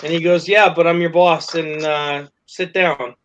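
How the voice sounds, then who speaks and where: A man's voice: a little high, fairly even intonation, measured pace, a bit bright. A man telling a story casually to friends, laughing, swearing and acting out the quotes. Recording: dull lo-fi recording with faint noise.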